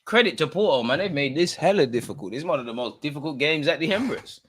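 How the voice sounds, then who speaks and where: This young man speaks fast with a breathy edge while hosting a football watch-along, full of excitement and slang and shifting between loud bursts and low mumbles.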